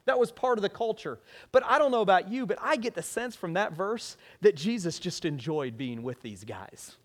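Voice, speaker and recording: A male pastor preaches in a conversational way and keeps turning to the room with rhetorical questions. His voice sits a little higher than most men's. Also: lively intonation, moderate pace. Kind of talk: sermon.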